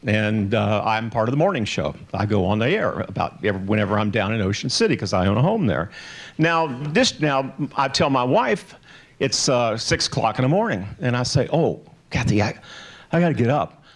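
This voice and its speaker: A man's voice: fairly low pitch, sing-song, normal speed. A man in his sixties giving a candid, joking keynote speech at a conference. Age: 60s. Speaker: keynote speaker.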